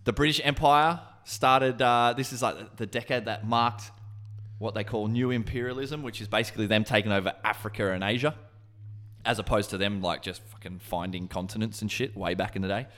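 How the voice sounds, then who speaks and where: A man's voice: lowish voice, a little fast, fairly bright tone. A man co-hosting a podcast, chatting casually, rambling and swearing freely. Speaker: podcast co-host.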